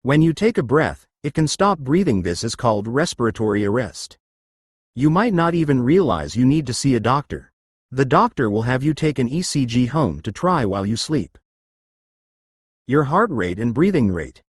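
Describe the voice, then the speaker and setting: Husky, lively-voiced male exercise instructor. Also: medium pitch, normal speed, no room sound, studio quality. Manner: instructive, often checks with listeners. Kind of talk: spoken exercise lesson.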